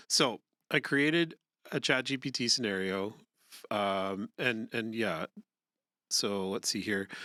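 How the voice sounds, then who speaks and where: Chatty man with a bright voice. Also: mid-range voice, no room sound, studio quality. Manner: chatty, rambling, quick to laugh. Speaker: co-host. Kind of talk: casual chat.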